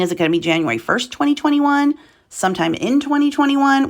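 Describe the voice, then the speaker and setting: This is an American woman at a middle pitch, reading marketplace news aloud to her viewers. She keeps breaking from the text with wry, chatty remarks and laughs off her own tongue slips. The sound is a close desk mic. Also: a bit bright. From United States. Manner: chatty, wry asides, stumbles over words and laughs at herself. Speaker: reseller and channel host.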